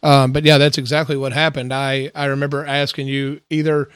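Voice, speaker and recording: A man's voice: mid-range voice, level tone, fairly quick, a bit bright, smooth, no echo. A middle-aged man, a drummer, chatting casually in his home garage, laid-back and self-mocking, often laughing. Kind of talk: casual chat.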